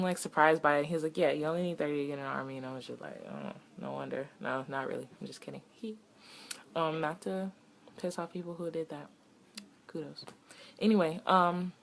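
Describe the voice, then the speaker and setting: A woman's voice: sits low, rough recording. A woman in her twenties telling a story in a casual vlog, retelling conversations in a chatty way with lots of "he was like". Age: 20s. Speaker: vlogger.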